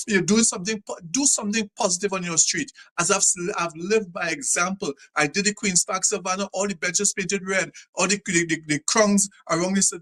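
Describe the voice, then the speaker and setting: A man's voice: sits high, a bit bright. A Trinidadian man hosting a live talk show, repeating himself as he rouses his audience to love their country. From Trinidad and Tobago. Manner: preachy, repetitive, rousing the audience.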